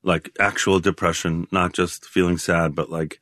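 A man in his sixties, a guest in a reflective interview, talking in a halting, rambling way with many restarts. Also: low-pitched, level tone, a bit bright, no echo, clean studio sound. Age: 60s.

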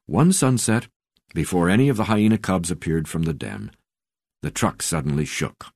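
A man with a strikingly low, deep voice narrates a memoir in a measured, unhurried reading, often sinking to a near-hush at the ends of phrases. The sound is close and dry, with no room around it. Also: very animated, no echo. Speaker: audiobook narrator.

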